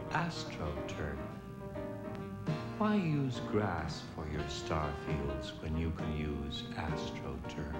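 A TV announcer reading sponsor plugs, deadpan and low-pitched, in no hurry. The voice rings in an echoey space over loud music. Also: male voice, heavily acted. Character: smooth male TV sponsor announcer.

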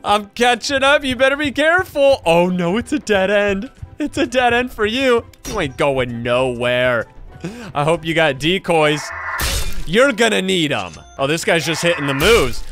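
Young male gaming host, high bright voice, energetic trash-talking commentary. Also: a little slow, faint music behind. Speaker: gaming YouTuber. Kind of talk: excited gameplay commentary.

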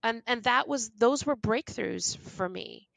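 Gravelly, passionate woman guest in her forties. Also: on the high side, a little slow, no room sound, rough recording. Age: 40s. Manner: passionate, animated, lots of restarts and laughs. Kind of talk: candid interview conversation.

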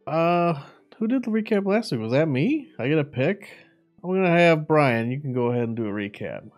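A man's voice: a little high, a little fast, highs cut off, faint music behind. A man running a tabletop game as dungeon master, chatting casually and joking with his players over a video call. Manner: relaxed, joking, laughs easily.

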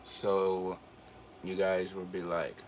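A man's voice: low voice, monotone, slow, slight background noise, low-quality recording. A teenage young man with a slight retainer-affected speech impediment, chatting casually in a rambling, hesitant way. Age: late teens. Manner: rambling, hesitant, lots of fillers. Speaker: video reactor. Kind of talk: casual chat.

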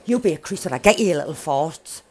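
A woman giving loud, excitable, swearing commentary over her gameplay, laughing often. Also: low-pitched, fast. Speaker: gaming streamer.

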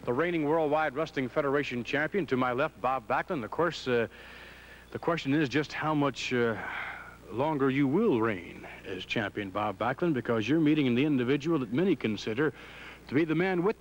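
A formal wrestling announcer reads the upcoming card in a measured broadcaster delivery. A faint hiss runs beneath his voice. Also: mid-range voice, animated, poor audio. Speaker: ring announcer and interviewer.

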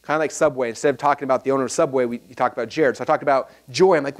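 A man giving a live seminar talk to an audience, animated and rambling with asides and restarts. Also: medium pitch, racing, hardly any pauses. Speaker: seminar speaker. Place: event hall with audience.

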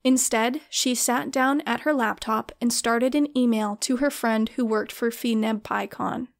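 Female audiobook narrator, gentle and steady, slightly high voice. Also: measured pace. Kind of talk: scripted story narration.

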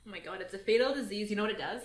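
A woman's voice: medium pitch, very fast, echoey room. A woman co-hosting a couple's eating vlog, chatting playfully and teasing at the dinner table, picked up by a small camera. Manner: teasing, playful, laughs often. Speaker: vlog co-host. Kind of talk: casual chat while eating. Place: home dining table at a hot pot meal. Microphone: GoPro camera on the table.

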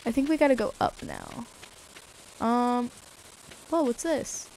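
A woman live-streaming a game, chatting away and giggling at whatever pops up on screen. Her voice sits fairly high and stays chatty and reactive. A faint hiss of noise runs behind her. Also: huge pitch swings, slow, vocal fry, darkish tone, rough recording. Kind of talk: casual gameplay streaming.

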